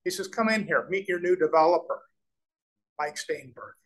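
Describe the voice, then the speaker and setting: A middle-aged real estate developer from Nebraska, his voice on the high side, speaks at normal speed while sharing business stories as an interview guest. His telling is animated, with quoted voices acted out and frequent restarts. It's a rough recording.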